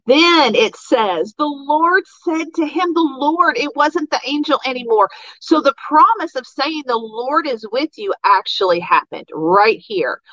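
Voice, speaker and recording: A woman's voice: high-pitched, animated, a little slow, hardly any pauses, a bit bright, no room sound, lo-fi sound. A woman hosting a devotional podcast, retelling a Bible story in a casual, enthusiastic way with many asides.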